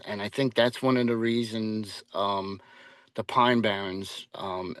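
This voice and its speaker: A man with a fairly low voice speaks in a loose, rambling way, full of "um"s and restarts, as a guest on a paranormal interview. The recording is dry and close, with no room sound. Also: no echo. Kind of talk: casual interview chat.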